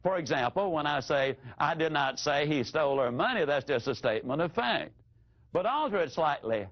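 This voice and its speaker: A man's voice: fairly high pitch, moderate pace. Older guy doing a folksy sales seminar talk, voice swoops all over, kinda muffled old recording. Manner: folksy, animated, plays with vocal inflection. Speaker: sales trainer. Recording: dull lo-fi audio.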